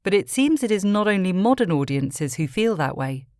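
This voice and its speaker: A woman's voice: medium pitch, big pitch swings, darkish tone, no echo. Woman narrating a documentary, dry sound. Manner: measured, informative. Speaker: podcast narrator.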